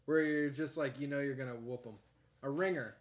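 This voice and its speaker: A man's voice: mid-range voice, fairly even intonation, fairly quick. A man hosting a podcast, chatting casually about a TV episode in a laid-back, rambling way. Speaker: podcast host.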